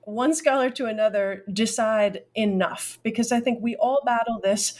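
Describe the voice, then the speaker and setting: A middle-aged woman hosting an academic podcast interview, effusive and animated, with a self-deprecating, chatty way of talking. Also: fairly high pitch, moderate pace. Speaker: podcast host.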